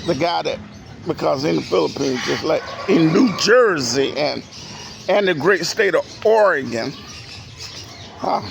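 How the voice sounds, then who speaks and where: A man telling a story in a casual, profane, animated way for his vlog. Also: a little high, measured pace, gravelly, long pauses. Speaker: vlogger. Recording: noisy outdoor recording. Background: roosters and chickens.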